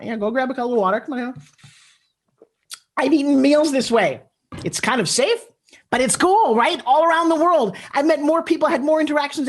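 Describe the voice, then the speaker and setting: A middle-aged woman giving a motivational speech over a video call from her living room, moving between intimate storytelling and rallying the audience. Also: high voice. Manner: earnest, intimate storytelling that builds to rallying cheers. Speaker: motivational speaker.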